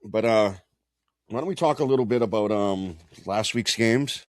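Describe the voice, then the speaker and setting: Low-voiced dude on a sports podcast, dry close mic, swears a lot and rambles through stories. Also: male voice, normal speed, darkish tone, no room sound. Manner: loose, swearing, joking storyteller. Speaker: podcast co-host. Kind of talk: casual sports banter.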